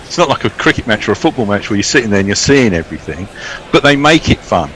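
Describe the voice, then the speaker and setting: A man's voice: lowish voice, very animated, quick pace, a bit bright, a little hiss or hum, low-quality recording. A man chatting casually as a cricket co-commentator, rambling and stumbling over repeated words. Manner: rambling, hesitant, repeats words when starting. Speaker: co-commentator reading listener tweets. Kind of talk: casual commentary-box chat.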